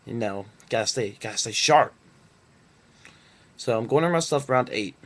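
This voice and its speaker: A young adult vlogger from Northern Kentucky tells a story to his webcam, rambling in a laid-back way and using plenty of fillers. His medium-pitched voice has lively intonation and moves at a normal speed.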